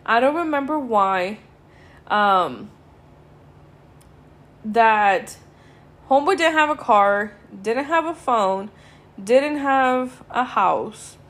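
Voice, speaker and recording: A young woman tells a story on her podcast in a loose, casual way. Her talk is full of swearing and filler words, and she sounds worn out and unhurried. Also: a little high, expressive, a bit bright. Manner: sweary, laid-back, drawn-out and tired. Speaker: podcast host.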